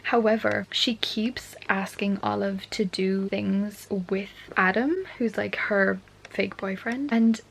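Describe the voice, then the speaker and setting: A young woman chatting in a casual book vlog, gushing and excitable, often dropping to a soft near-whisper. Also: medium pitch, creaky, a little hiss or hum, low-quality recording. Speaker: book vlogger. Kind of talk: casual reading vlog chat.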